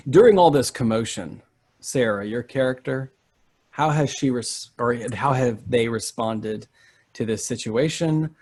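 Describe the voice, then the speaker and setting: Man, game master, mid pitch, relaxed, laughs easily. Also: unhurried. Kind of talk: narrating a tabletop game.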